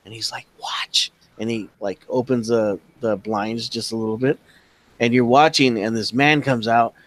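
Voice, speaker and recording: A man's voice: mid-range voice, fairly even intonation, normal speed, rough recording. A man running a tabletop game, narrating casually with lots of swearing and laughter. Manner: casual, profane, laughs often. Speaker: game master.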